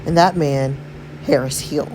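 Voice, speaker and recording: A woman voicing a middle-aged police chief father who gently and carefully confides an old family secret to his daughter. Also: sits low, unhurried, background noise. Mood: earnest.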